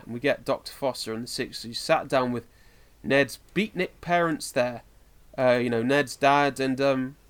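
A man's voice: a little high, smooth. A man from the United Kingdom co-hosting a podcast in casual chat, rambling with lots of fillers and laughing often. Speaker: podcast co-host.

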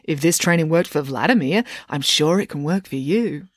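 A woman voicing a sweet-sounding but bossy schoolgirl who gives brisk, cheerful orders. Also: sits low, lively intonation, no room sound, clean studio sound. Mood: cheerfully bossy.

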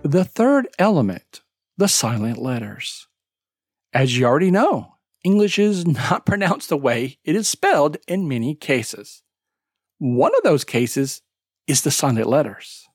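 A pronunciation teacher hosting a podcast lesson, taking each point slowly and deliberately. The voice swoops up and down with lively intonation, and stressed words are leaned on hard. The recording is dry and close, with almost no room sound. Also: mid-range voice, breathy edge, dry recording. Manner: slow, deliberate explaining with emphatic word stress; spells out web addresses letter by letter.

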